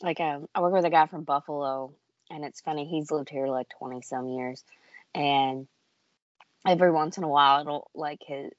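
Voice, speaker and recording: A woman co-hosting a casual podcast chat, speaking softly and trailing off quietly. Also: deep voice, fairly even intonation, moderate pace, no echo, lo-fi sound. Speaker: podcast co-host.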